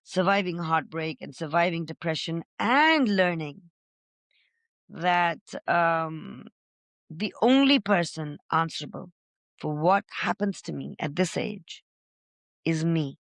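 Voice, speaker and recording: A middle-aged woman, a podcast guest, telling her own story with feeling, loud and gregarious by her own account. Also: sits low, slow, gravelly, no echo. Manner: expressive, says she is loud and gregarious. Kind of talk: emotional personal storytelling.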